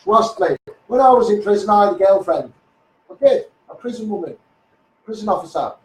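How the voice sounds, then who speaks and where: A man's voice: sits high, expressive, a little fast. A man with a Liverpool accent ranting bluntly in a rambling live-stream monologue, calling his listeners "mate". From England. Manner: rambling, blunt, keeps saying "mate" and "you know what I mean". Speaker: livestreamer. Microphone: phone livestream. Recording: roomy, distant phone livestream with faint noise.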